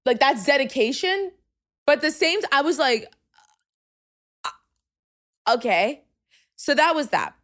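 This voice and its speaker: A young woman hosting a podcast, telling a story in casual chat, swinging from hushed asides to loud, exasperated outbursts and using "like" constantly. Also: sits high, lively intonation, moderate pace. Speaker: podcast host.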